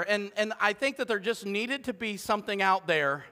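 A middle-aged man, preaching a lively, joking sermon as pastor and swinging between loud calls and hushed asides. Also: high-pitched, brisk, clear, resonant tone. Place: church sanctuary. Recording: long hall reverb.

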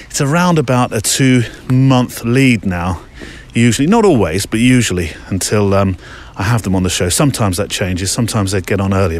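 A man hosting a podcast while out walking, chatting and reading listener emails, recorded with a handheld recorder outdoors. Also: lowish voice. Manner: chatty, rambling, reads listener emails aloud. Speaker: podcast host. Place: outdoors on a country walk. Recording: faint outdoor ambience.

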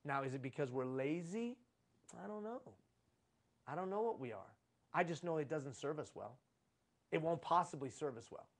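In a conference room, a middle-aged leadership trainer delivers a live lecture on leadership. His voice runs a little high, and he speaks in an animated, brisk way. The talk is preachy and repetitive, packed with rhetorical questions.

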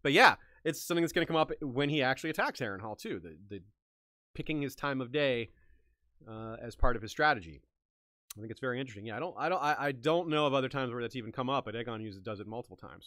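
A man's voice: medium pitch, lively intonation, brisk, bright, forceful tone, no room sound. A man hosting a history podcast, musing aloud in casual discussion with frequent restarts. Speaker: podcast host.

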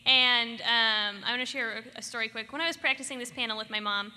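A woman moderating a live panel discussion in an animated, storytelling way. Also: fairly high pitch, brisk. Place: convention hall stage. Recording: echoey hall with faint noise.

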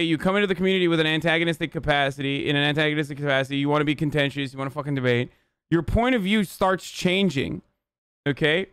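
A man in his thirties streaming, reacting and explaining in a rapid, profane, conversational way. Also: fairly high pitch, a bit bright. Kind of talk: live-stream reaction commentary.

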